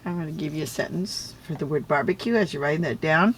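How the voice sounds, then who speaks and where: A woman's voice: low voice, fast, slight background noise. A woman teacher giving a phonics lesson on video, patiently sounding out syllables and checking in with the viewer.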